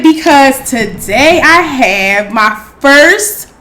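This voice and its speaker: A woman hosting an eating show, chatting casually and excitedly to her viewers, calling them y'all. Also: a little high, measured pace. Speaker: mukbang host.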